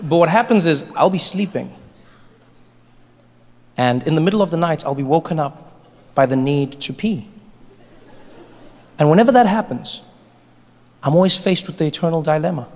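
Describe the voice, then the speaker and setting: A man doing a stand-up comedy set on a large theater stage, telling his story in an animated way, with sudden drops and jumps in his voice. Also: on the high side, moderate pace, long pauses. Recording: live show in a reverberant hall.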